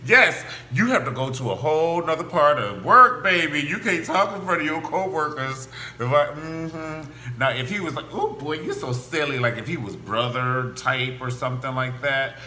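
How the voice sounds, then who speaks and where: Campy male gossip host, lively swooping delivery, roomy echo. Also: on the high side, moderate pace, hardly any pauses. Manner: animated and campy, full of asides. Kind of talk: casual celebrity gossip monologue. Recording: echoey room with faint hum.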